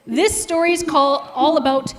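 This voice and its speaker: A woman reading a picture book aloud to a congregation in a playful, lively manner. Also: high voice, normal speed. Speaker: storyteller at a congregation. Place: church hall. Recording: echoey hall.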